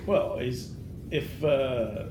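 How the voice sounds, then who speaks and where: A man playing a tabletop role-playing game, talking in a hesitant, halting way. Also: medium pitch, roomy sound, background noise. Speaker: player. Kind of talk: tabletop role-play, in character.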